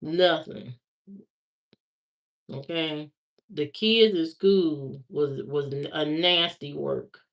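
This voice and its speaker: A woman's voice: low-pitched, very slow, pauses often. A woman in her thirties chatting casually on a livestream, answering viewer comments in a candid, rambling way with many fillers.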